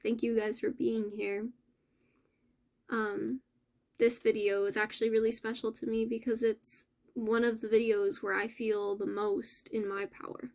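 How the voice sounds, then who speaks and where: Gentle, affirming woman with a higher voice. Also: flat delivery, a little slow. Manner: gentle, affirming, with soft laughs and self-corrections. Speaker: spiritual channel host. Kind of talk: casual spiritual message to viewers.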